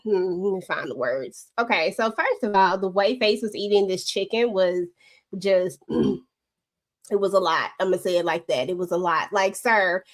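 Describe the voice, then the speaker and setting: A woman in casual chat recapping a TV episode, candid and rambling, with slang. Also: medium pitch. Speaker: show recap host.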